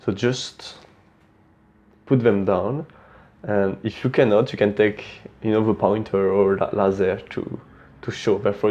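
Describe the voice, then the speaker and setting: Low-voiced man with a French accent. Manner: relaxed and plain-spoken, frequent small restarts. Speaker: presenter giving speaking tips. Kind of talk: casual instructional talk.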